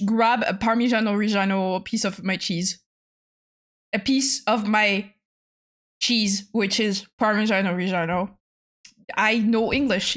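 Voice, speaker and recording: Young woman streamer, rambling and giggly, pitch a touch high. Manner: rambling, giggly, animated exclamations. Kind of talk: casual live-stream chat.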